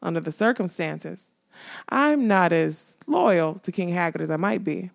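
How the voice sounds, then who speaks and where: A woman reading an audiobook, voicing a mocking dead male skull that guards a castle, in a slow teasing drawl. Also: on the low side, lively intonation, vocal fry.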